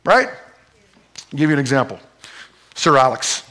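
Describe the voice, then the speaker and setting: A man, a pastor, preaching a sermon in a playful, animated way, with live demonstrations using a volunteer during a church service. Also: medium pitch, measured pace.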